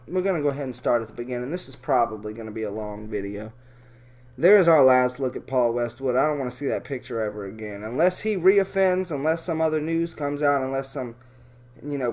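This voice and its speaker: A man rants through chat logs in a profane, rambling commentary. His pitch swings widely and animatedly. He often stops to correct himself.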